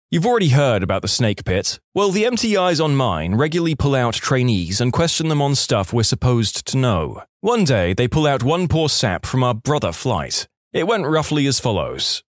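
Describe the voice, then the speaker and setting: Wry male storyteller, lively pitch. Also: no room sound. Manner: dry, wry storytelling with quoted dialogue. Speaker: story narrator. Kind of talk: scripted narration of online stories.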